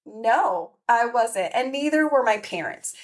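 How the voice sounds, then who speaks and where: This podcast host, a woman in her forties, talks a little slowly with a fairly high, lively voice. Her personal monologue is candid and reflective, frequently broken by fillers and restarts.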